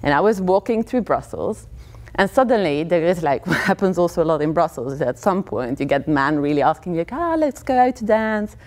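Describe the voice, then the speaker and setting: A Belgian woman in her thirties with a Flemish accent and Dutch as her first language, giving a university talk as a criminology lecturer, telling her stories in a lively way and laughing between points. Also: low-pitched, brisk.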